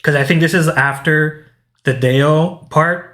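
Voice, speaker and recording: Male podcast co-host, relaxed chat, a bit high in pitch. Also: unhurried. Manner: reads out quotes from notes, laughs between lines. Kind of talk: casual movie discussion.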